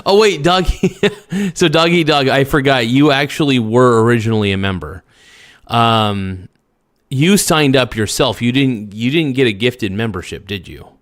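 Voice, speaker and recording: A man's voice: mid-range voice, moderate pace, no room sound, clean studio sound. A man hosting a casual livestream, reading viewer comments aloud and answering them in a rambling, blunt way. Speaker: livestream host.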